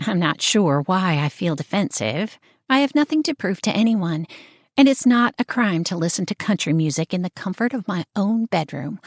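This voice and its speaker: A woman reads a first-person romance audiobook with wry, expressive storytelling. Her voice sits a little low. The recording is dry and close. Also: moderate pace, no room sound. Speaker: audiobook narrator.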